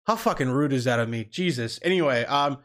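A man's voice: medium pitch, animated, fairly quick, a bit bright. A man telling a long personal story in casual talk, rambling with restarts and swearing freely. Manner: rambling, swears freely, acts out quoted people.

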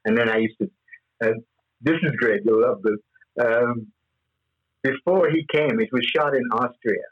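A man's voice: mid-range voice, fairly even intonation, measured pace, phone-quality sound. A man as interview guest, telling rambling stories with frequent laughs and fillers. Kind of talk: anecdotal interview storytelling.

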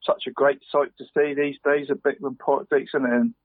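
A man's voice: medium pitch, level tone, brisk, dry recording. A man, co-hosting a casual football podcast. He rambles, restarts his sentences and says "mate" constantly. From Cornwall. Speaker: podcast co-host. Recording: dry, tinny phone-like line.

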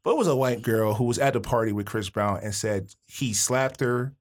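A man co-hosting a podcast in casual chat, opinionated and animated, full of slang and repeated words when he gets going. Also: mid-range voice, moderate pace. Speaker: podcast co-host.

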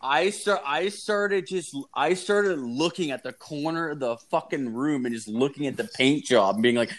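A man's voice: a little high, moderate pace. A young man chatting on a podcast as a guest, telling a rambling story full of swearing. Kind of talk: casual podcast chat.

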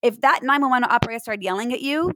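A woman's voice: on the high side, lively intonation, fast talker, a bit bright, a little hiss or hum, rough recording. A woman giving mindfulness advice to parents in an interview, earnest and acting out examples as she explains.

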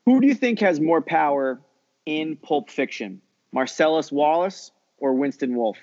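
A man's voice: on the high side, lively intonation, measured pace, darkish tone. A man co-hosting a podcast about films, playful, putting questions to the others. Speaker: podcast co-host. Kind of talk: casual movie discussion. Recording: dull lo-fi sound.

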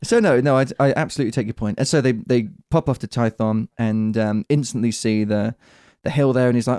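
A man hosting a casual podcast chat, lively and acting out quoted lines in little voices. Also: medium pitch, fairly quick, hardly any pauses, no echo, clean studio sound. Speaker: podcast host.

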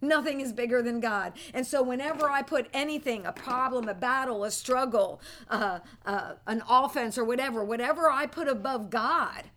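A woman with a fairly high voice leads a church teaching session, moving between scripture and personal stories. She talks in an animated, story-driven way and laughs easily. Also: moderate pace, few pauses. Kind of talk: teaching a ministry class.

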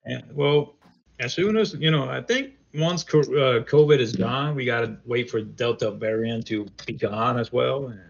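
A man with a gravelly, fry-edged voice rambles through a story in loose casual chat, leaning on fillers as he goes. The sound is dull and lo-fi. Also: mid-range voice, a little slow. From United States.

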